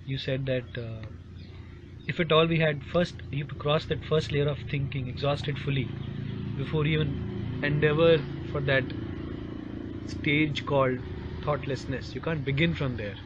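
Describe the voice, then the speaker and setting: A man from the audience asking a long question, halting and restarting often. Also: on the high side, fairly even intonation. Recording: dull audio with faint noise.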